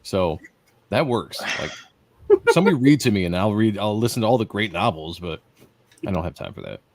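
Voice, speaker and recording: Brief: male livestream host, low and animated, joking and loose, dry close sound. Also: fairly quick, no room sound. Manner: loose, joking, welcoming guests by name. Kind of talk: casual livestream panel chat.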